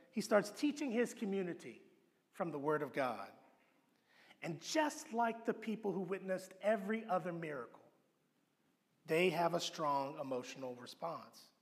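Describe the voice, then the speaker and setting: A man preaching a sermon as pastor, telling the story with animated acted-out voices and dropping to a low hush for emphasis. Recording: long hall reverb.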